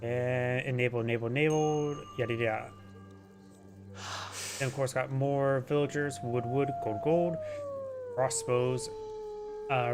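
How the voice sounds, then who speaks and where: A man casually commentating a strategy game replay, rambling and stumbling over unit names. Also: mid-range voice. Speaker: game caster.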